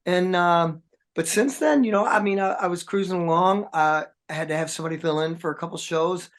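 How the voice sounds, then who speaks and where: A man's voice: high voice, brisk. A man, a rock drummer, telling long rambling stories in a casual interview chat. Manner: rambling, chatty storyteller, says man and dude a lot.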